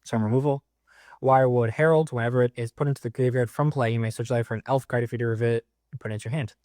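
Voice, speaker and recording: A man's voice: mid-range voice, fairly even intonation, a little mellow, dry recording, clean studio sound. Man casually walking through card text. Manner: reads card text aloud with quick offhand comments. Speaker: card game deck reviewer. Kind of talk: casual deck walkthrough.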